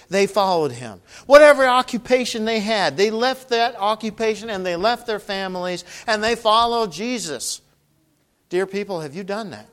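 A man preaching a sermon as pastor, earnest, asking rhetorical questions and rising to emphatic calls. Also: sits high. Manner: rhetorical questions with long pauses.

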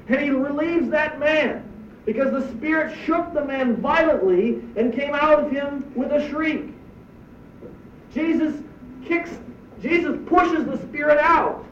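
Guy preaching a sermon, high voice, emphatic, heard from across an echoey room. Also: a little hiss or hum. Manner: emphatic preaching with rhetorical questions. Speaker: pastor. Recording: echoey distant dull church recording.

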